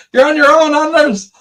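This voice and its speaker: A man's voice: very high voice, unhurried, fairly bright tone, far from the mic. A man co-hosting a casual livestream chat, upbeat and emphatic. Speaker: livestream co-host.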